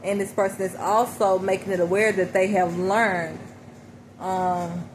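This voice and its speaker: A woman of medium pitch speaks at a measured pace with little variation in pitch, casually and reflectively interpreting song lyrics for her listeners in a spoken reading. She keeps checking in with "okay?" and repeats "you know". The audio is poor, with noticeable background noise.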